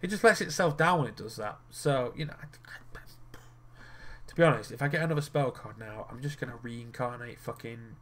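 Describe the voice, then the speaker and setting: A man's voice: mid-range voice, brisk, fairly bright tone. A young man rambling in casual commentary while he plays a card game, swearing freely and restarting his sentences as he gets worked up. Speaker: gaming video creator.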